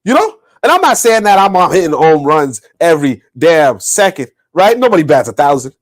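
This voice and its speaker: A man with a fairly high voice that swings widely up and down as he talks. He chats casually on a podcast livestream, profane and animated, breaking into laughter as he riffs. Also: brisk. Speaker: podcast co-host.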